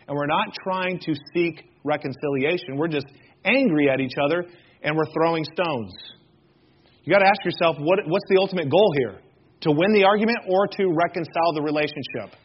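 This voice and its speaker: This man, a pastor, speaks briskly in a husky, slightly high voice, with the upper frequencies cut off. He delivers a jokey, animated sermon, voicing characters in small acted scenes and addressing his congregation directly with frequent questions.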